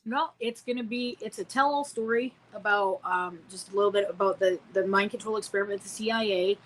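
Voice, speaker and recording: A woman's voice: medium pitch, fairly quick, rough recording. A woman in her forties from Illinois, a podcast guest telling a personal story in a rambling way, with many fillers and restarts. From Illinois, United States. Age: 40s.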